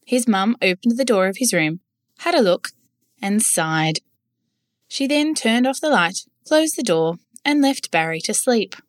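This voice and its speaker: A woman reading a children's story aloud in a gentle, clear way. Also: medium pitch, animated, a little slow, no room sound, clean studio sound.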